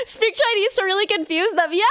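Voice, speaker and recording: A woman's voice: extremely high pitch, expressive, normal speed, fairly bright tone, no room sound, clean studio sound. A young woman, chatting casually on a live stream, giggly, rambling and self-mocking. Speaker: VTuber streamer.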